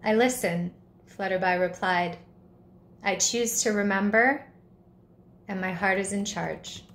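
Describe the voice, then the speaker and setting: A woman reading a children's story aloud, voicing a gentle, wise female butterfly who speaks sweetly and patiently. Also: mid-range voice, a little slow, roomy sound, close to an everyday voice.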